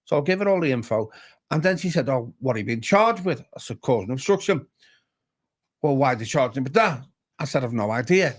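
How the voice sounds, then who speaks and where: Speaking briskly in a husky, medium-pitched voice, a Liverpool-area pastor tells a casual story as a guest in a pub bar. He stays animated and acts out each quoted voice.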